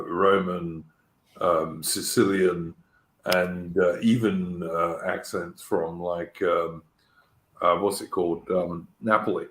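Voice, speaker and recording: A man with a faint Cockney accent hosts a casual talk show, his voice sitting very low. He speaks eagerly and often trips into quick restarts. The sound carries a noticeable room echo. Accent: light London Cockney. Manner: enthusiastic, stammering restarts. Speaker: host. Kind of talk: casual podcast chat. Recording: roomy echo.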